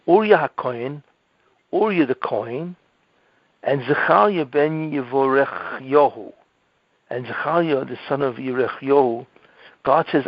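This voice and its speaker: Rabbi guy giving a torah class, kinda high voice, dry muffled lo-fi recording. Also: gravelly, dry recording. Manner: explanatory, checks in with "okay?" and "right?"; rhetorical questions, animated emphasis. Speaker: rabbi teaching a weekly class. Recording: dull, dry lo-fi audio recording.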